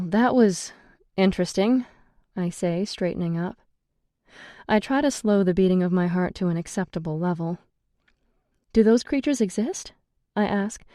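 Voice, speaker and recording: A woman reading a first-person audiobook narration in a slow, measured way. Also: on the low side, warm tone, no room sound, studio quality.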